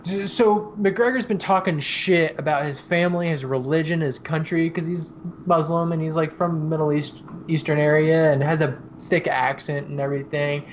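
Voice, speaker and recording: Man, higher-pitched, animated, swears a lot, casual chat, dull mic, faint hiss. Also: normal speed. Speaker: podcast co-host.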